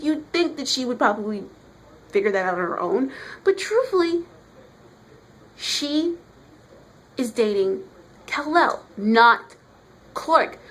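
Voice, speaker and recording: Animated chatty woman reviewing comics. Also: high-pitched. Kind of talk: casual vlog review.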